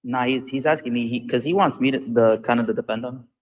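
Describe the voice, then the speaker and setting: A man's voice: medium pitch, fairly even intonation, fast talker, low-quality recording. A man taking part in a live debate, speaking casually and offhandedly. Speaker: debate participant.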